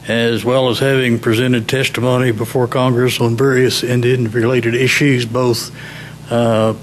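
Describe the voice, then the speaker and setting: Flat-voiced man introducing a speaker. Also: medium pitch, slight background noise. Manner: flat, reading, with many uhs. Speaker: panel moderator. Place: conference hall.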